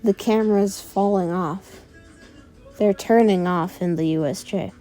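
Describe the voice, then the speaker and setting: A woman's voice: medium pitch, measured pace, warm tone, soft background music, close to an everyday voice. Woman voicing an earnest, anxious teen boy hero.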